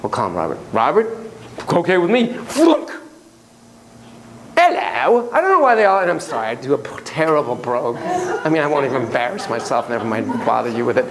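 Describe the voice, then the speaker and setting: A man's voice: medium pitch, quick pace, few pauses, poor audio. A man lecturing a university class on psychotherapy. He tells casual, self-deprecating stories with frequent asides and acts out the voices he quotes. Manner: animated storyteller who acts out quoted voices.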